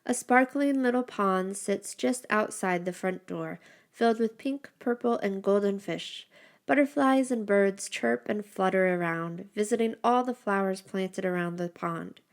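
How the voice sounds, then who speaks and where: A woman's voice: medium pitch, unhurried. Woman narrating a fantasy story. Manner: expressive, descriptive. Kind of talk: first-person story narration.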